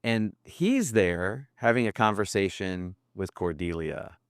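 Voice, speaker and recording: Man, podcast co-host, fairly low voice, smooth and clear, dry close sound, casual episode recap. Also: lively intonation, a little slow, no echo. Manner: chatty, wry, repeats words when restarting.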